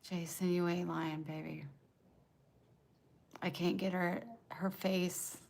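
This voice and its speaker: A woman's voice: lowish voice, flat delivery, slow pace, creaky, a little mellow. A woman livestreaming from home, venting raw and emotional while she answers viewers by name.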